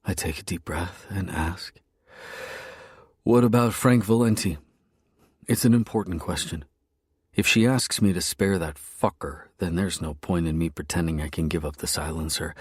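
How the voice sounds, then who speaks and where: A man narrating a romance story in the first person, with a low, brooding, intense delivery. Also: moderate pace, husky, dry recording, studio quality.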